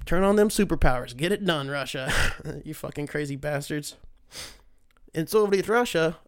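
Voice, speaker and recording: A young man talks through a loose solo show. He rambles, swears freely and leans on sarcasm, and his voice sits a little higher than most men's. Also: animated, normal speed, no room sound, studio quality. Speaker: podcast host. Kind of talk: casual solo commentary.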